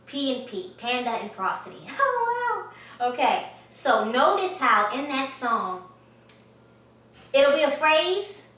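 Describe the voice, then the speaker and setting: A woman's voice: high voice, expressive, measured pace, a bit bright, distant mic. A woman giving an online grammar lesson, emphatic and enthusiastic, speaking straight to the viewer. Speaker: grammar teacher. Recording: echoey room, voice from off-mic.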